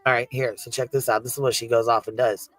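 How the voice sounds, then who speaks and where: Guy on a livestream cussing nonstop and cracking up, mid pitch, dry sound. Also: flat delivery, fast talker, fairly bright tone, dry recording, rough recording. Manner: profane, laughing through his words. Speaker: live streamer. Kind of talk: casual streaming commentary.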